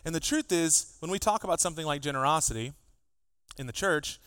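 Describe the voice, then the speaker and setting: A man, a pastor, preaching a sermon, animated and acting out exchanges with his children. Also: fairly high pitch, a little fast, clean tone, no room sound, clean studio sound. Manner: animated, acts out dialogue with his kids.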